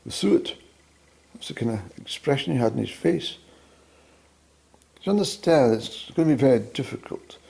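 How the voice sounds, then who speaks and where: A man with a Scottish accent talks to camera at home in a wry, rambling monologue, pausing often with fillers. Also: mid-range voice, expressive, creaky, mellow. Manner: wry, musing, halting with many fillers. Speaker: vlogger.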